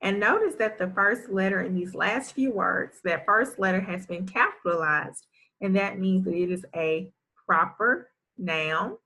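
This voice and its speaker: In an unhurried, mid-range voice that comes across pushed and bright, a woman leads a first grade phonics lesson. She sounds out letters one at a time, staying encouraging and praising often.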